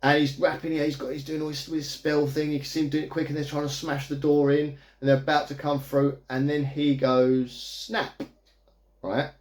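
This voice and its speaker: A man's voice: on the high side, little pitch movement, brisk, hardly any pauses, darkish tone. A man in a casual video review, recapping a movie plot in a chatty, amused, rambling way. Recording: echoey room.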